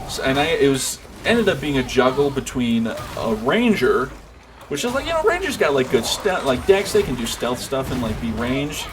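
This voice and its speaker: A man's voice: mid-range voice, very animated, moderate pace, music in the background. A man streaming a game, chatting casually and rambling with lots of fillers and restarts. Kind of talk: casual chat while gaming. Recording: game noise in background.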